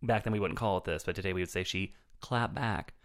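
A man's voice: sits low, fast. A man reviewing films on a podcast in casual chat, rambling with lots of fillers and restarts.

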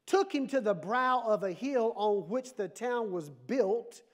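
High-voiced preacher guy, animated, joking with the church as he preaches. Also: a little slow. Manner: animated preaching with playful asides. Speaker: pastor. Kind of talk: sermon.

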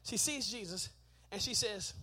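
A man preaching a sermon, shouting his points and joking with the congregation in a church. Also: high voice, measured pace.

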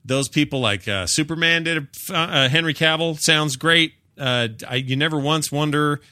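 A man's voice: a little high, normal speed, no echo, clean studio sound. A man co-hosting a casual movie review chat, opinionated and rambling. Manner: opinionated, rambling, animated riffs. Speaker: podcast co-host.

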